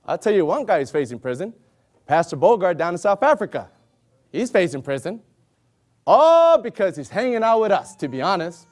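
A man preaching an animated sermon, exclaiming loudly and acting out the voices of the people in his stories. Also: high-pitched, moderate pace. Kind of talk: animated sermon with acted-out scenes.

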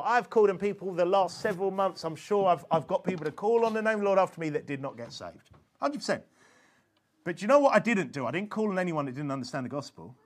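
A man giving an informal religious teaching talk, earnest and emphatic, often checking in with "okay?" and restarting his phrases. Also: a little high. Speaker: evangelism instructor.

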